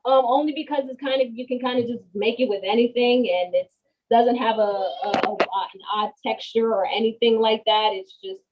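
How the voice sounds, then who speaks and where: A chatty woman walks viewers through her cooking over a video call, slangy and full of restarts. Her voice sits at a middle pitch and comes through muffled, lo-fi call audio. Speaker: guest cook. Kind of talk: casual cooking demo chat.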